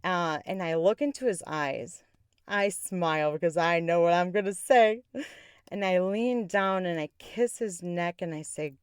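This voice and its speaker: A woman's voice: on the low side, a little slow, smooth, dry recording, clean studio sound. A woman hosting a podcast, telling a personal story in a candid, sarcastic way, often breaking into laughter. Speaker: podcast host. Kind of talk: casual storytelling.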